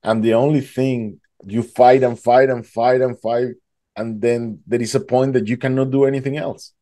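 A man tells a gripping personal story. His voice is dark and mellow at rest. It leaps much higher whenever he acts out his own panicked cries. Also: normal speed. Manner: animated, acts out his own past voice rising high in panic. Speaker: guest telling his story. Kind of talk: emotional storytelling.

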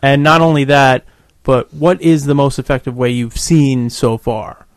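A man's voice: mid-range voice, steady tone, measured pace, no echo. A man hosting a casual gaming podcast, laid-back and jokey. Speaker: podcast host.

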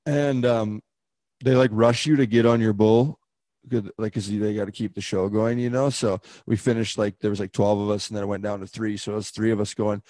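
A young man co-hosting a podcast, telling a story casually, swearing, laughing and shouting out quoted lines. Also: fairly low pitch, a little fast, no echo. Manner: profane, laughing, animated retelling. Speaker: podcast co-host.

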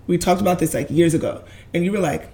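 A woman from Brooklyn talking quickly in a casual chat as podcast co-host, often laughing. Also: fairly low pitch, dark tone, slight background noise.

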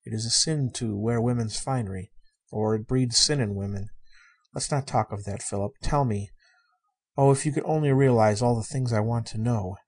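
A man reading the part of a shy, wondering sixteen-year-old girl, in a soft, earnest and innocent way. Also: mid-range voice, normal speed, breathy edge. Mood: wistful.

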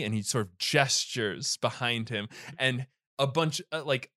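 Animated, bright-voiced male podcast host. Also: medium pitch, unhurried, hardly any pauses. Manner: animated storytelling, acts out characters. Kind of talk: comedic comic-book recap.

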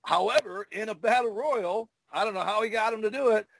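A man, a former wrestler, telling profane, animated stories in casual podcast chat. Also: sits high, a little fast, vocal fry, slight background noise. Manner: profane, animated storyteller acting out moves. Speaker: retired pro wrestler, podcast host.

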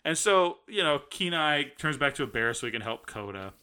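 Excitable man with a bright voice. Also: fairly high pitch, fairly quick, smooth. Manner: excitable, animated retelling with quoted reactions. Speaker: podcast co-host. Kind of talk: casual chat.

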